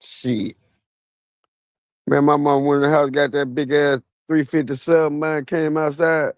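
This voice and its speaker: A young man talks in a laid-back, slangy way, circling back with fillers as he tells his story. His voice sits a little higher than most men's. The sound is dry and close, with little room around it. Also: measured pace, dry recording. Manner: relaxed, slangy street talk with many fillers. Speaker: vlogger. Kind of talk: casual storytelling monologue. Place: outdoors at a graveside.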